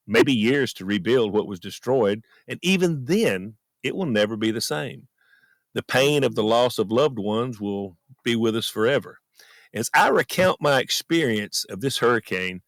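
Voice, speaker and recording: A man's voice: mid-range voice, dry recording. A man hosting a podcast, telling a personal story in an earnest, folksy and self-deprecating way, recorded in a friend's closet. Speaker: podcast host.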